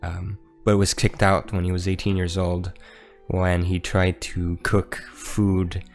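A man playing a tabletop game, describing his character haltingly with many fillers. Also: deep voice, completely flat delivery, vocal fry, soft background music. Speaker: player.

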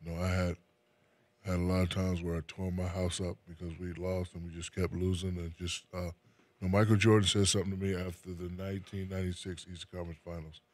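This retired basketball player from New Jersey talks fast in a low, flat delivery on a dry recording. During a casual interview he stays laid-back, often repeating words as he launches into a sentence.

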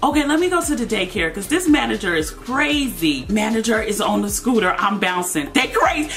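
A woman's voice: high-pitched, animated, normal speed, few pauses, over music. A young woman giving playful gameplay commentary, dramatic and laughing as she talks to her viewers. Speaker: gaming video creator.

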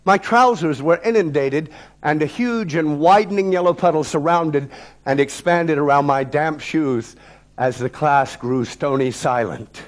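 A man in his sixties, an actor and lecturer, telling a story from his childhood in a vivid, wry, theatrical way. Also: unhurried. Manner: dramatic, vivid, wry delivery with big swings in pitch and loudness.

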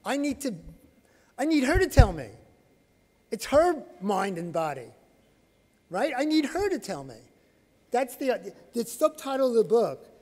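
Middle-aged male lecturer, fairly high voice, tells case stories and acts out the lines, long hall reverb. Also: darkish tone. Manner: storytelling, acting out quoted dialogue. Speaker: conference speaker and autism therapist. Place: conference hall.

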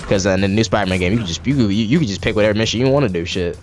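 Low-voiced man swearing through gameplay. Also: quick pace, faint music behind. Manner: profane, reactive trash talk at the game; rambling asides with many restarts. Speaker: gaming channel host. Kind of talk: casual gameplay commentary.

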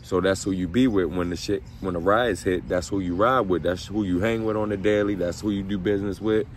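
A man telling a story casually, in a profane, slangy, animated way. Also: sits low, brisk, a little hiss or hum. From Baltimore. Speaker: vlogger.

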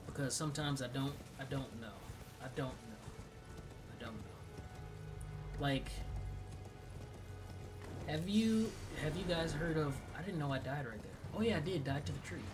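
A woman's voice: low-pitched, animated, normal speed, long pauses, far from the mic, over music. A woman streaming a video game, chatting casually in a rambling, jokey way. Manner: rambling, jokey, trails off and laughs. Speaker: gaming streamer. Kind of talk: casual chat while gaming.

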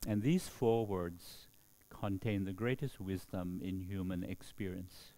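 A middle-aged man, a Buddhist monk, giving a slow dharma talk and often checking in with a questioning "hmm?". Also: sits low, fairly even intonation, warm tone.

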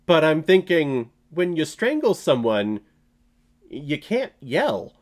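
A young man giving a casual, jokey spoken film review, laughing and sometimes bursting into loud shouted bits. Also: on the high side, huge pitch swings, slow pace. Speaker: movie reviewer.

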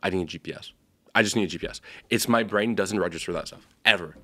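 A young man with a lowish voice tells a long story on a casual podcast. He rambles, circles back and corrects himself, and he laughs easily. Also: fast talker, sharp tone. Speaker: podcast co-host.

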